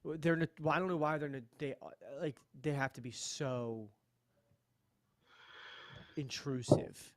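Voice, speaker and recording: A man's voice: fairly high pitch, measured pace, pauses often. A man co-hosting a live podcast in casual chat, wry and mocking, speaking in short bursts over a video call. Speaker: podcast co-host.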